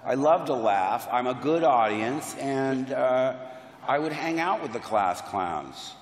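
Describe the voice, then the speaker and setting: A man's voice: mid-range voice, lively intonation, takes it slowly, a little hiss or hum. A man, a panel guest telling anecdotes in a playful, enthusiastic way with self-deprecating jokes. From United States. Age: 60s. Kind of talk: animated anecdotal storytelling. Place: large convention hall. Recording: roomy hall reverb on PA.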